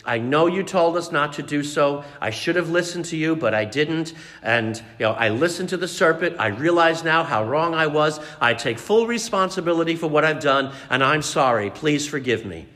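A meek first man played by a preacher, soft and plaintive, speaking lower and quieter than his storyteller. A long reverb trails behind, as in a large church. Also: expressive, normal speed, hardly any pauses. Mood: contrite. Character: first man, meek then whining and blaming.

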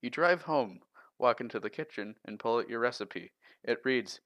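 A man co-hosting a casual podcast, reading long riddles aloud in a steady listing way. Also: mid-range voice, normal speed, no room sound. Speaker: podcast co-host.

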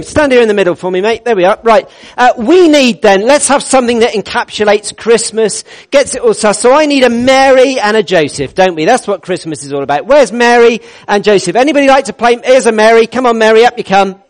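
A man leading a church congregation, upbeat and jokey as he coaxes people into place. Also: high-pitched. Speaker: church service leader.

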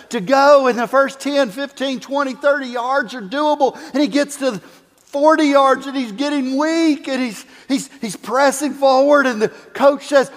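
Male pastor, high pitch, storytelling sermon, fervent build, big reverberant sanctuary. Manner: builds to fervent repeated exhortation. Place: church sanctuary. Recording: long hall reverb.

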